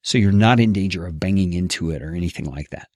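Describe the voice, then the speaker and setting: A man teaching a podcast course, speaking expressively into a close boom-arm studio mic from his seat. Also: quick pace, no echo. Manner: expressive, animated delivery. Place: home studio, seated at a table.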